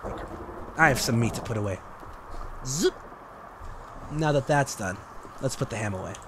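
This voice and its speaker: Excitable young man with a lively voice. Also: mid-range voice, normal speed, background noise. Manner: excitable, joking, swears freely. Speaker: streamer. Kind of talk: gameplay commentary.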